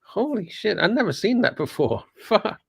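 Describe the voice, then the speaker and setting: A man's voice: high voice, sing-song, moderate pace, vocal fry, a bit bright, husky. A man co-hosting a livestream, bantering casually and reacting with swearing and exclamations. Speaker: livestream co-host.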